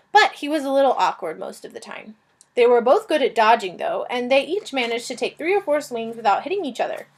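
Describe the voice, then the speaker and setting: Expressive woman reading a storybook. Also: a little high. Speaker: reader. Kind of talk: reading a children's novel aloud.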